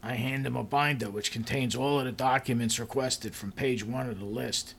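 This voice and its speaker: A man's voice: medium pitch, steady tone, normal speed, vocal fry, a bit bright, slightly rough. Dry, matter-of-fact male narrator. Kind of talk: first-person narration of a story.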